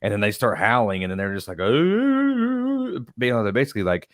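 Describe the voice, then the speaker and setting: A man co-hosting a casual film talk podcast, rambling and profane, his voice often trailing off quietly. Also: on the low side, racing, no echo, studio quality. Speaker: podcast co-host.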